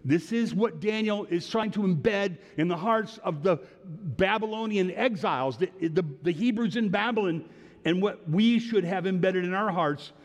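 Earnest preacher in a reverberant hall. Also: male voice, high voice, moderate pace. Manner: earnest, conversational storytelling with rising emphatic prayers. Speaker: pastor. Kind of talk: sermon.

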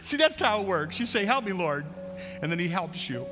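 A man's voice: sits high, sing-song, a little fast, long reverb tail, over music. A middle-aged man, a pastor, preaching a conversational sermon that repeats phrases and acts out prayers. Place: church sanctuary.

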